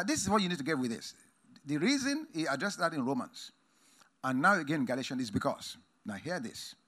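Man, preacher, emphatic sermon, lively pitch swings, bright forceful tone. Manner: emphatic, swings between loud exclamations and quiet asides. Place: conference hall.

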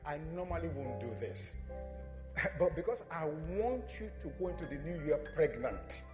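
A man's voice: on the high side, animated, moderate pace. A pastor preaching a sermon in a church. He speaks emphatically and keeps putting questions to the congregation, then answers them himself. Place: church sanctuary. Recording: reverberant church hall with soft instrumental music.

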